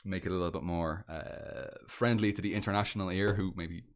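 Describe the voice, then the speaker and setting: A man's voice: deep voice, fairly even intonation, fairly quick. An Irish man chatting casually on a podcast, rambling with many fillers and restarts. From Ireland. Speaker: podcast guest. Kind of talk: casual chat.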